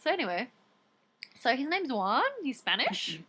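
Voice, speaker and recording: Lively young Australian woman telling stories. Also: high voice, moderate pace, slight background noise. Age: young adult. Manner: animated storytelling with acted-out quotes, swearing and laughing. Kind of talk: casual chat.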